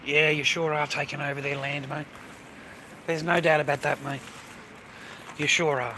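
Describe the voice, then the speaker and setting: On a rough recording, a young Australian man speaks at normal speed with a flat delivery and a voice on the high side. Streaming live from a city street, he addresses viewers laddishly with plenty of swearing amid loud traffic and street ambience.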